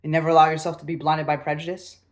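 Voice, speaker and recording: Male reader voicing a witty young woman, lightly read, higher male register. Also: level tone, rapid-fire, lightly acted. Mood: teasing. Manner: reading dialogue aloud with light emphasis. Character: spirited young woman, sharp and teasing.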